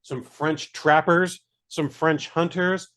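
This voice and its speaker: A man's voice: fairly high pitch, steady tone, takes it slowly, fairly bright tone. A man co-hosting a podcast, reviewing a movie in casual, rambling chat with many fillers and jokes at his own expense. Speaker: podcast co-host.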